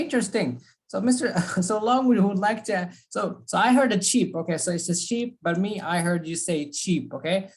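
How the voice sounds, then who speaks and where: A woman's voice: fairly low pitch, darkish tone. Woman teacher running a speaking drill. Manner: encouraging, drills pronunciation by repeating words. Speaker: English teacher. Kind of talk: online speaking class.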